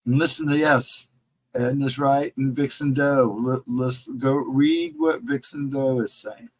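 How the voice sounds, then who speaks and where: A man's voice: mid-range voice, fairly even intonation, unhurried, poor audio. A middle-aged man co-hosting a casual livestream chat, talking in an earnest, encouraging way and repeating his advice. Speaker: livestream co-host.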